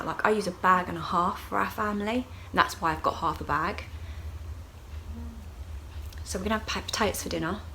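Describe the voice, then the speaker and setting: A woman's voice: mid-range voice, bright, forceful tone, a little hiss or hum. A woman chatting casually to the camera in a video diary while gardening outdoors. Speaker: vlogger.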